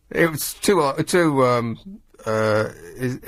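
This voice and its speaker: A man's voice: medium pitch, unhurried, no echo. A man hosting a talk radio show, grumbling and mocking in a sardonic monologue from a studio mic. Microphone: studio microphone.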